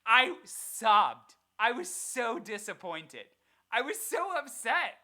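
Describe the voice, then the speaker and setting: A young adult podcast co-host chatting casually and telling animated stories. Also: medium pitch, slow. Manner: animated storyteller. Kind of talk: casual chat.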